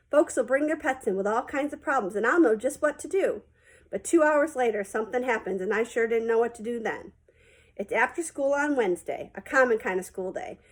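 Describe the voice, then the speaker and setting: A woman's voice: a little high, rough recording. A woman reading a children's novel aloud, narrating in a plain, folksy first-person way. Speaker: audiobook reader.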